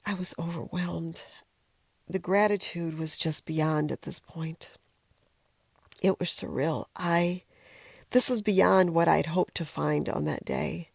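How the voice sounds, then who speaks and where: Gravelly-voiced woman telling a heartfelt story. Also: deep voice, fairly even intonation, darkish tone, no room sound. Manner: emotional, reflective, pauses often, drops to whispers. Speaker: podcast host telling a personal story. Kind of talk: personal storytelling narration.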